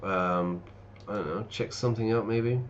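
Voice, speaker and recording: A man's voice: fairly low pitch, fairly even intonation, moderate pace, dull audio, a little hiss or hum. Chatty man explaining while playing. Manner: chatty, explains words and reads game text aloud. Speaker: English teacher streaming a game. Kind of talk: casual let's-play commentary.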